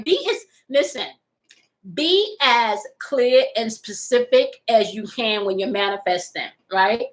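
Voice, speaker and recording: A woman's voice: on the high side, animated, normal speed, a bit bright, low-quality recording. A woman in her forties hosting a casual spiritual live stream, speaking frankly and playfully to her viewers and laughing often. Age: 40s. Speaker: spiritual host reading live chat.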